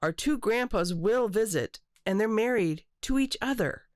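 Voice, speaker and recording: A woman voicing a caring girl in a storybook read-aloud, speaking calmly and reassuringly. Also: mid-range voice, normal speed, no echo, studio quality, pitched above the performer's own voice, natural voice.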